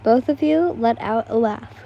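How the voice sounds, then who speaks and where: A woman's voice: fairly high pitch, moderate pace, creaky, highs cut off, slight background noise. A young woman casually reading fan fiction aloud, tired and yawning, breaking off for chatty asides.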